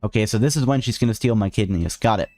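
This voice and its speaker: A man's voice: on the low side, lively intonation, fast, darkish tone, dry recording, studio quality. Sarcastic rambling male game streamer. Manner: sarcastic, rambling, reads game text aloud and riffs on it. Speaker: VTuber streamer. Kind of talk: casual let's-play commentary.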